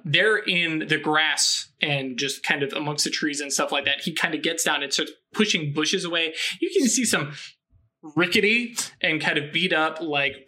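Male game master, bright and a bit high, loose rambling narration. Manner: rambling, many fillers and restarts, amused.

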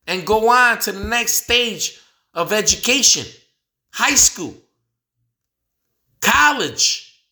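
Man, high and swooping, unhurried preacher cadence, recorded in an echoey room. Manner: repetitive, rhetorical questions, rising to near shouting. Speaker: speaker addressing the nation. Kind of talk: impassioned preaching monologue.

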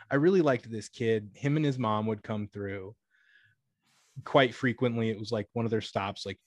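A young man in his twenties telling stories about his cashier work in a rambling, casual way, full of "like" and restarts, and acting out the people he quotes with sudden high-pitched bursts and laughs. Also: no echo. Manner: rambling, many "like" fillers and self-corrections. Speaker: retail cashier. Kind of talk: casual storytelling chat.

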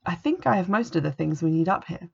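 A woman's voice: lowish voice, expressive, quick pace, gravelly, breathy edge, exaggerated voice. A woman voicing Annie, a cautious teenage girl who knows witchcraft, speaking with warning and reluctance. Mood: wary. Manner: warning, reluctant, a bit superior. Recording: dull lo-fi recording.

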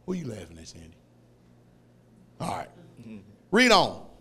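A man preaching a fiery sermon, shouting and laughing as he tells stories. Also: mid-range voice, normal speed, background noise. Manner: loud, shouting, laughing, animated storytelling.

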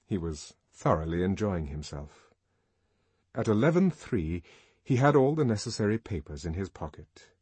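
A man narrating a novel in a measured, expressive audiobook reading. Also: sits low, breathy edge, no echo. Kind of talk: scripted narration.

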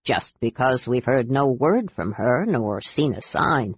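A woman's voice: a bass voice, very animated, a little slow, breathy edge, no room sound, voice pushed down, full character voice. A woman voicing a superstitious, grave middle-aged ship captain in an audiobook, with a dull lo-fi sound. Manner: grave, respectful.

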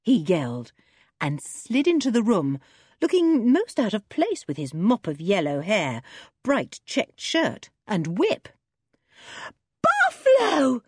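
A woman narrating a children's adventure book in an expressive reading voice. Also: mid-range voice, measured pace, slightly rough, dry recording, studio quality. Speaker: audiobook reader. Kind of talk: storybook narration.

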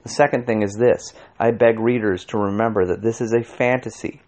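A man giving a measured, scripted audiobook narration. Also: on the low side, fairly even intonation, a little mellow.

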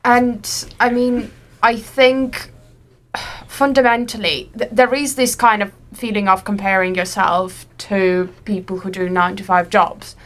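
A woman in a casual group chat, explaining her point in a steady, measured way. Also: mid-range voice.

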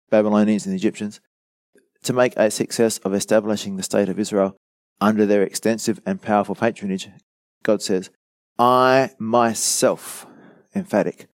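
Male preacher, lowish voice, dry close sound, earnest Bible teaching with questions to the congregation. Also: darkish tone, dry recording. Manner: earnest, explanatory, quotes commentators and asks the listeners questions. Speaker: pastor.

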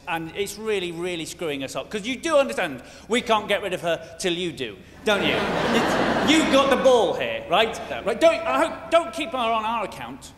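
A British man performing a stand-up comedy routine in a large theatre, quick and mock-indignant, breaking into shouted impressions. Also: sits high. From Britain. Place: large theatre stage before a live audience. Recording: roomy, echoing hall with loud audience noise.

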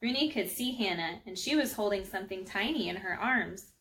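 A woman reads a children's storybook aloud in an expressive, animated way. Her voice sits in an ordinary middle range and she shapes each sentence for young listeners. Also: medium pitch, a little fast, a little hiss or hum. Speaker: storybook reader.

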